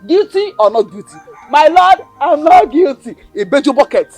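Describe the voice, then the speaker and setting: Loud taunting Nigerian sister, high and swooping voice, bossy bully. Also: female voice, sing-song, moderate pace, faint music behind. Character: scornful bossy young woman bully. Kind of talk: Nollywood film acting.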